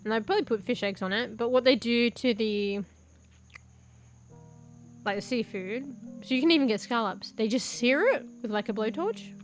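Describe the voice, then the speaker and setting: Young woman vtuber rambling on stream, kinda high voice, swears a lot, snacking as she talks. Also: normal speed, soft background music. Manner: chatty, swears casually, laughs often. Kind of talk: casual stream chat while eating. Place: home room with a fan.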